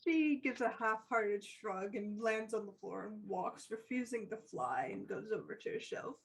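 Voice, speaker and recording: A woman's voice: mid-range voice, moderate pace, slightly rough, poor audio. A woman running a tabletop game as dungeon master, narrating scenes and laughing easily.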